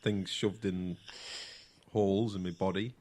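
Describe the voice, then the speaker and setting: A man's voice: low voice, steady tone, a little slow, a little mellow. A man rambles through a crude personal story on a podcast. He hesitates constantly, stacking ums and restarts as he goes. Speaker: podcast co-host. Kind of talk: casual chat.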